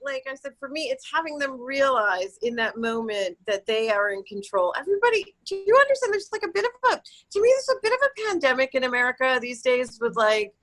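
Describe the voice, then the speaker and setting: Woman in her fifties, New York accent, high bright voice, tired, animated chatty guest. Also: brisk, hardly any pauses. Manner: animated, chatty, jumps between thoughts. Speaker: guest actress. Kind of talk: casual interview chat.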